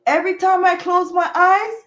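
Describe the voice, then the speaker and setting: A woman hosting a livestream, telling a story to her chat in an animated, expressive way with sound effects. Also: very high voice, moderate pace, highs cut off. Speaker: livestream host. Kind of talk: casual storytelling to a live chat.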